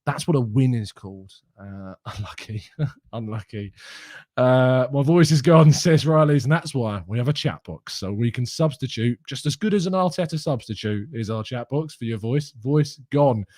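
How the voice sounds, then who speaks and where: A man's voice: mid-range voice, animated, normal speed, few pauses, a little mellow, no echo, clean studio sound. A young man hosting a fan live stream, giddy and mocking, laughing often as he reads out chat messages. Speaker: fan channel host reading live chat.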